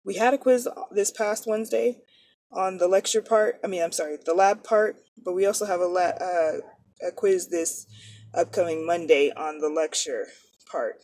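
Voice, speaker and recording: A woman's voice: lowish voice, normal speed, a little mellow, slight background noise. A woman in her thirties, a nursing student, chatting casually and rambling, often correcting herself mid-sentence. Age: 30s. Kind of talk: casual chat.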